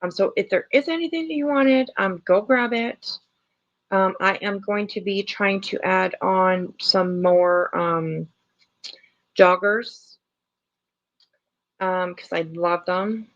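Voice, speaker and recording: A middle-aged woman chatting casually on her livestream, rambling and laughing as she talks to her viewers. Her voice has a gravelly, creaky edge. The home stream audio sounds a little dull and lo-fi. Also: medium pitch, takes it slowly. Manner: chatty, rambling, laughs often, many fillers. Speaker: livestream host.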